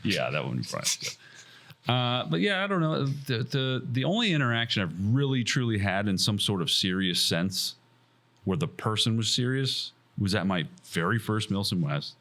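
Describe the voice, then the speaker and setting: An easygoing man with a low voice chats on a casual podcast. He agrees readily and laughs often. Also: sing-song, moderate pace, a bit bright. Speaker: podcast co-host.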